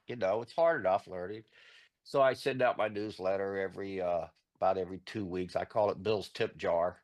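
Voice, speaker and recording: A middle-aged man, a guest artist, telling stories in a casual interview, animated and rambling with many restarts. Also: sits low.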